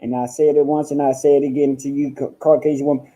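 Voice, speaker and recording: Male livestream host, sassy profane chatter, very mellow dark tone, home webcam sound. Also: mid-range voice, little pitch movement, fast talker, hardly any pauses, rough recording. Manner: sassy and profane, calls listeners honey and girl. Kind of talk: casual livestream rant.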